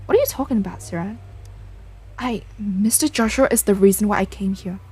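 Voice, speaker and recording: A woman's voice: medium pitch, a little fast, a little mellow, breathy edge. A woman reading aloud the lines of a grieving young woman haunted by a ghost in a game, in an earnest, pleading way.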